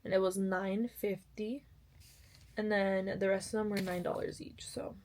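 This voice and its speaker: A young woman talks casually in a chatty, rambling way, often stopping to correct herself. She sounds a little tired, at an ordinary pitch, with a faint hiss in the background. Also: flat delivery, unhurried, a little mellow, poor audio. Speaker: book vlogger. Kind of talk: casual chat to camera.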